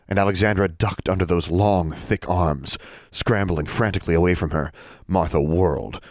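A man with a very deep, low voice narrates a fantasy story. His delivery is steady and measured. The recording is dry, with no room echo. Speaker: audiobook narrator. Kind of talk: scripted narration.

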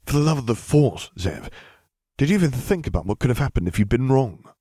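A man's voice: medium pitch, big pitch swings, fairly quick, mellow, breathy edge, no room sound, clean studio sound, pitched above the performer's own voice. A man voicing a stern middle-aged father, tight-lipped and hissing, afraid for his son. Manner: hissed, tight-lipped pleading.

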